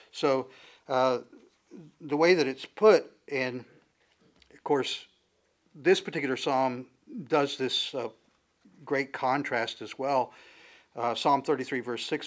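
A pastor preaches an expository sermon, working through scripture in a conversational, halting manner full of fillers and restarts. His voice sits at medium pitch.

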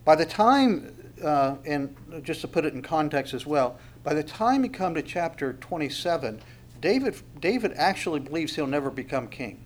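A man's voice: fairly high pitch, sing-song, moderate pace. A male pastor preaching a sermon in a conversational way, repeating words and adding chuckling asides.

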